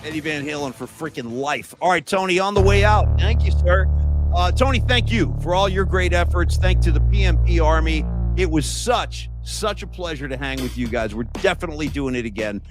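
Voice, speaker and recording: A man hosting a podcast, telling stories in a casual, animated way and saying "dude" often. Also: on the high side, brisk, over music. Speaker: podcast host.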